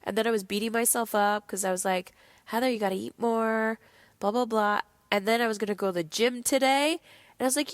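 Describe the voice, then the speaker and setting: Though she's sick and low on energy, a woman hosting a podcast rattles through a candid motivational monologue at a fairly quick pace, her voice a little high. She's blunt, animated, and swears freely, with no room sound in the recording.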